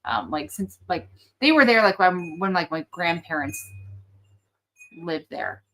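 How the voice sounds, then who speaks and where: A woman's voice: on the low side, lively intonation, unhurried, a bit bright. A young adult woman co-hosting a livestream, talking hesitantly with lots of ums and likes. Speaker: livestream co-host. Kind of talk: casual livestream chat.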